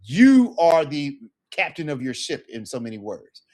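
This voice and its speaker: A man's voice: a little high, sing-song, unhurried, a little mellow. A man teaching a casual Spanish lesson, talking loosely and checking in with "right?" as he acts out sample phrases.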